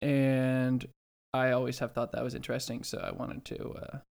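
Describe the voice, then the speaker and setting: A man's voice: medium pitch, monotone, moderate pace, vocal fry, darkish tone. Man, casual podcast chat, rambling, hesitant, dry sarcasm. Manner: rambling, hesitant with many restarts and fillers. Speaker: podcast co-host.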